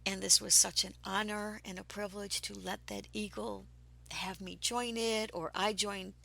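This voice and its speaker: A woman telling a personal spiritual story, slow and breathy, sometimes dropping to a whisper and sometimes turning emphatic. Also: mid-range voice, low-quality recording. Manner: grows excited and emphatic.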